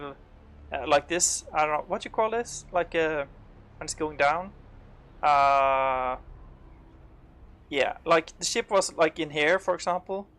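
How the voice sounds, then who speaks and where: This streamer's fairly high, slightly bright voice carries his live commentary while he plays. Panicked and breathless, he rambles, leans on fillers, and swears when startled.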